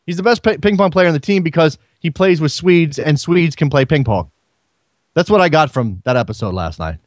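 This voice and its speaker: A male sports radio host chats loosely into a studio microphone, doubling back on his words as he works through a thought. His voice sits a little high for a man, and the sound is close and dry, with no room around it. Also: expressive, fairly quick, no room sound. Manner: chatty, repeats words while thinking aloud. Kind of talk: casual call-in radio commentary.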